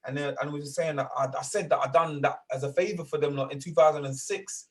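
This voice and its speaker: A man's voice: on the high side, fast. A man in his thirties with a London accent, chatting as a guest in a casual interview, emphatic and full of slang. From England. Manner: animated, emphatic, full of street slang and repeated asides. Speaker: grime artist guest.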